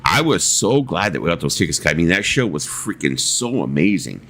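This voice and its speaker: A man's voice: low voice, sing-song, a little fast, fairly bright tone. A man hosting a casual livestream chat, telling rambling stories and reading viewer comments aloud, swearing freely. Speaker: livestream host.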